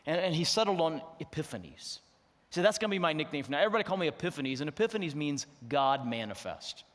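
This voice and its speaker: A middle-aged man, a pastor, preaching a sermon in an animated, conversational way. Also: a little high, fast. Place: church sanctuary. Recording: long reverb of a church hall.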